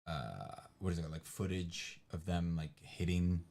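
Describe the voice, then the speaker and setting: A man with a very low, deep voice chats on a casual livestream. He rambles and pokes fun at himself, often trailing off mid-thought. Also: measured pace, gravelly, a little mellow. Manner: rambling, self-deprecating, trails off with fillers. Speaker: livestream co-host. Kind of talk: casual chat.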